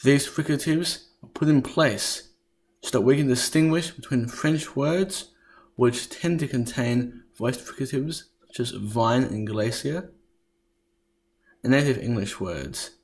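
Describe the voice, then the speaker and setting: Slow, measured man explaining a lesson. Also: mid-range voice. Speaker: teacher explaining.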